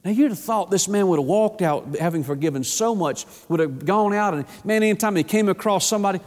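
Fervent preacher in a reverberant hall. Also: male voice, fairly quick, few pauses. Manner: fervent preaching, acts out voices, rises to high excited pitch. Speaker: pastor. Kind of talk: sermon. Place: church sanctuary.

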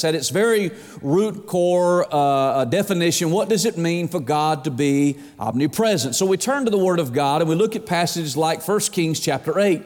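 A man delivers a sermon, slowing down to read scripture and slipping into homey anecdotes. His voice sits a bit high for a man, and the sound rings with the long reverb of a big hall. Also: lively intonation, darkish tone. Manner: reads scripture slowly, tells folksy anecdotes. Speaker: pastor.

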